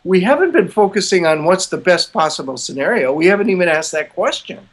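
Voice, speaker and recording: A man's voice: sits high, animated, fairly quick, background noise. Older man telling stories with chuckles. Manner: chuckling, self-deprecating, acts out his inner voice. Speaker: interview guest, publisher. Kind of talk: casual storytelling in an interview.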